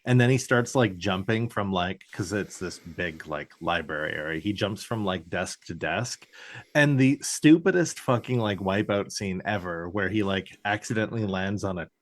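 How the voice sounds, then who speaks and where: This podcast co-host has a deep voice and talks at a moderate pace while casually recapping a TV episode. His style is rambling and profane, stuffed with "like" fillers, and he puts on mock voices for characters.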